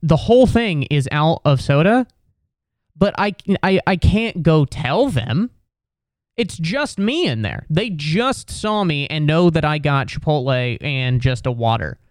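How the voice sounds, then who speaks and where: A man's voice: on the high side, animated, measured pace, no room sound, studio quality. A man telling a rambling, exasperated comedic story in a casual, profane rant.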